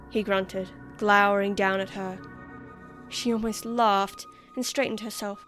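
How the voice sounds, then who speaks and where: A woman reading a story aloud as narrator in a measured, expressive way. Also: mid-range voice, faint music behind. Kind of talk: scripted narration.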